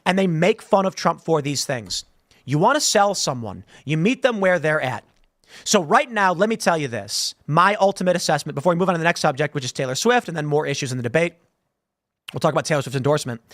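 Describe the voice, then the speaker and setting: A man hosting an animated political commentary show, blunt and conversational, with a sarcastic edge. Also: fairly high pitch, fairly quick, no room sound, clean studio sound. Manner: sarcastic, mocks canvassers with impressions.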